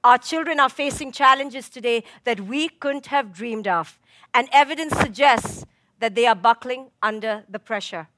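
A woman clinical psychologist giving a prepared talk on a conference stage, measured and emphatic, building her points in rhythmic lists. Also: fairly high pitch, fairly bright tone, no room sound. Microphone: stage microphone.

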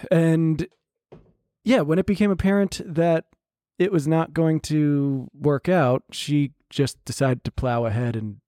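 A man co-hosting a podcast, chatting casually with halting restarts and fillers. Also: on the high side, dark tone, no room sound, clean studio sound. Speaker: podcast co-host. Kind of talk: casual chat.

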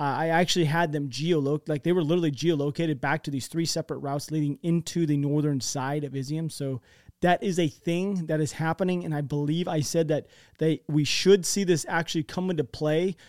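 A man's voice: on the high side, a little mellow, no echo, clean studio sound. Chatty American man rambling over maps. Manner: rambling, chatty, many restarts. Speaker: war-map commentator. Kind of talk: casual commentary over maps.

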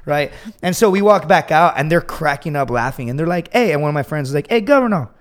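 A man telling a crude story in casual chat, animated and profane, acting out the quotes loudly. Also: a little high, fast talker. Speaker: podcast guest telling a story.

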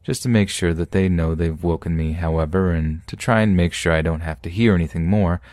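A man narrating true scary stories in a steady first-person reading. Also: low-pitched, fairly quick, no room sound, studio quality. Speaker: podcast narrator.

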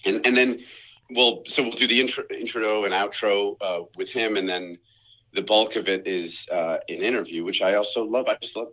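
Bright-toned, rambling man, self-deprecating. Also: lowish voice, moderate pace, rough recording. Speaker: guest, actor and podcaster. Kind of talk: casual chat over a call.

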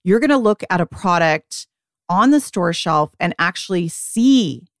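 Chatty woman with a smooth, dry voice. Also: fairly low pitch, a little slow, no echo. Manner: chatty, animated, quotes herself in asides. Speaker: podcast co-host, beauty editor. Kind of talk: casual chat.

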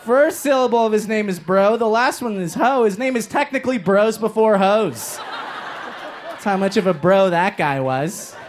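A man from Los Angeles doing a stand-up comedy set on a stage mic, with a punchy delivery that swings into loud shouted bits. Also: high-pitched, moderate pace, noisy background. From Los Angeles, Inglewood. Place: comedy stage before a live audience. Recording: live stage mic, crowd laughter.

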